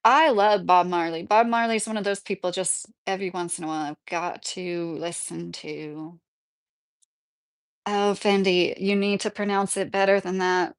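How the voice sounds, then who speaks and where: A woman's voice: fairly low pitch, steady tone, normal speed, smooth. A woman hosting a casual livestream, chatting in a rambling way and answering viewers by name. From Kentucky. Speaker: livestream host reading viewer comments. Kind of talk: casual live-chat talk.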